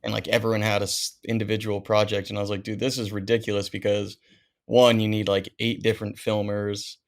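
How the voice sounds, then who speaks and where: A man's voice: lowish voice, level tone, brisk, vocal fry. A man in his thirties, a pro skier guesting on a podcast, telling stories in a laid-back way full of "like" and "dude.". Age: 30s. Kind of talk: casual storytelling chat.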